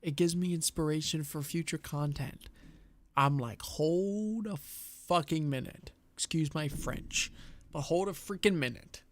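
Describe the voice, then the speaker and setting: A man's voice: fairly high pitch, normal speed. A man hosting a casual live stream chat, telling a rambling story and slipping into quoted voices. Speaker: streamer host.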